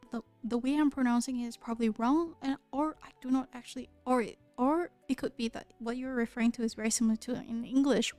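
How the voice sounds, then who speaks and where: Chatty Malaysian woman streamer, higher voice. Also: dark tone, no echo. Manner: curious, chatty, laughs often, many restarts. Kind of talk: casual livestream chat with viewers. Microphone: close studio mic.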